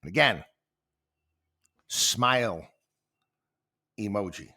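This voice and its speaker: A male host giving casual, halting commentary with many fillers and restarts. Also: fairly low pitch, animated, pushed and bright.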